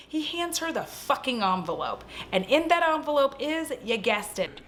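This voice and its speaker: A young woman casually recapping a horror film at home, animated and swearing freely as she acts out the characters' lines. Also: high voice, normal speed, slight background noise. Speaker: vlog host.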